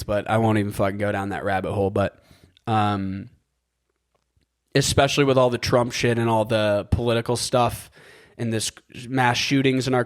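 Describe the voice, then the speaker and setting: A young American man hosting a podcast alone, talking in a loose, rambling way, full of fillers and casual swearing. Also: mid-range voice. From United States. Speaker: podcast host. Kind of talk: casual solo podcast monologue.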